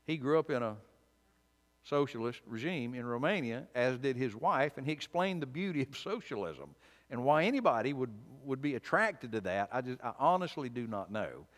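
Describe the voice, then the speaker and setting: A man's voice: mid-range voice, animated, normal speed. A man delivering a casual, opinionated sermon in a church. His mid-range voice rings with a long hall reverb. He talks informally, with a dry, wry edge and frequent restarts. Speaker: preacher teaching a Bible study. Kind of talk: conversational sermon. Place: church sanctuary.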